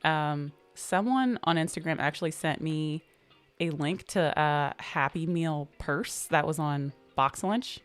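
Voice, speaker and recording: A woman hosting a relaxed livestream, chatting casually and answering viewer comments with lots of ums and uhs. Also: low voice, soft background music. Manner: relaxed, upbeat, drawn-out fillers. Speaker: livestream host.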